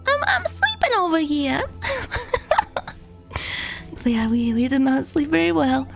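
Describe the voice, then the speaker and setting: A woman's voice: sits high, wildly swooping pitch, a little slow, vocal fry, music in the background. A woman streamer in casual chat, rambling and laughing, with lots of "like" fillers. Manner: rambling and laughing, heavy use of "like".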